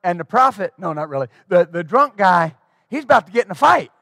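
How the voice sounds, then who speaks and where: A middle-aged man pastor telling a folksy story in a sermon, animated and full of restarts. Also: very high voice, fast talker, creaky, no room sound, studio quality. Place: church.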